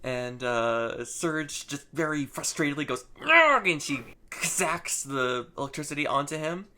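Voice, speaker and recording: Slow, bright-voiced male co-host. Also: a little high. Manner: halting, lots of fillers and laughs. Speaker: comic book podcast co-host. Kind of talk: casual chat.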